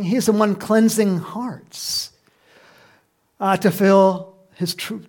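Male pastor, lively sermon delivery, raspy fry in the voice, acts out scenes. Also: high voice. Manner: lively, acts out quoted voices with sudden loud cries and laughs.

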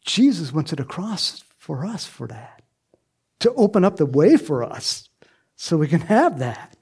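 A man preaching a sermon in a lively way, acting out quoted voices and laughing often. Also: on the high side, measured pace, husky. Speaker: pastor.

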